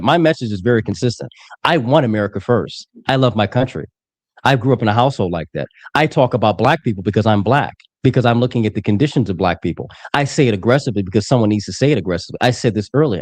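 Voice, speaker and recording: A young man in his twenties argues in a streamed debate, fast and combative, with lots of swearing and talking over the others. His pitch leaps up and down as he presses his points. The sound is close and dry. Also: darkish tone, dry recording. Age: 20s. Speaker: political commentator. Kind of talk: heated debate on a live stream.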